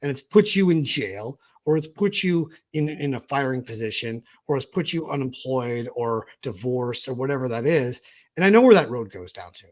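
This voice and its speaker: A man's voice: mid-range voice, lively intonation, moderate pace. A man hosting a podcast, talking candidly and animatedly about his own mental health and acting out his inner dialogue. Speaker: podcast host.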